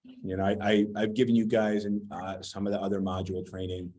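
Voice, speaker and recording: A man's voice: lowish voice, flat delivery, fairly quick, dark tone, low-quality recording. A man giving a casual real estate training talk, blunt and sometimes swearing as he picks apart advice. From United States.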